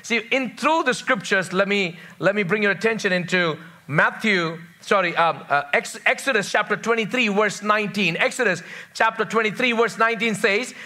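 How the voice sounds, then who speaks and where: A man's voice: high-pitched, moderate pace, pushed and bright. A man preaching a sermon to his church, stressing phrases by repeating them and asking the congregation to respond. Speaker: pastor.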